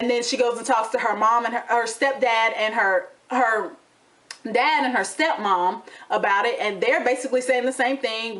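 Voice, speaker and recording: A woman with a fairly high voice hosts a reality TV recap. She dishes in a sassy, dramatic way and calls her listeners honey and baby. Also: moderate pace, a bit bright. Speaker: recap show host.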